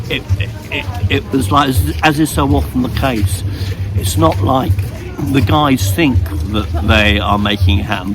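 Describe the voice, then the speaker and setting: A middle-aged man walking along a street and telling a meandering, reflective story about dating, with many fillers and restarts. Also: lowish voice. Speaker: vlogger on dating. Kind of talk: rambling anecdotal storytelling.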